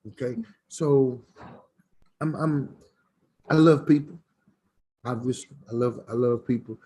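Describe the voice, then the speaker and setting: A middle-aged man tells stories from his smokehouse in a folksy, preacherly manner. His voice is husky and sits at an ordinary pitch for a man. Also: slow pace, warm tone. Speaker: smokehouse owner. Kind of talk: storytelling chat.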